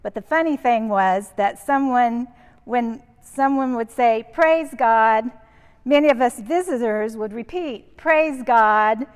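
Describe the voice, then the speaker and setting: A woman earnestly recounting a church mission trip with gentle humor and frequent "um"s, in a church hall. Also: on the high side, measured pace. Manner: earnest, warm-humored, uses fillers like um and kinda. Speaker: mission trip member sharing stories. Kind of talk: casual storytelling. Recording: reverberant hall.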